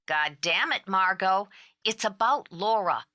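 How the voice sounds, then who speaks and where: A woman voicing an exhausted, sharp-tongued woman on the phone who has not slept, talking in a blunt, clipped way. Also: medium pitch, lively intonation, unhurried, no echo, studio quality. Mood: exasperated. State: strung out from no sleep.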